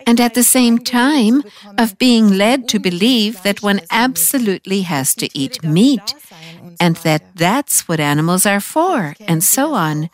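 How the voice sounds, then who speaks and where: A woman's voice: medium pitch, expressive, a little slow. A woman presenting a scripted spiritual talk, earnest and heartfelt.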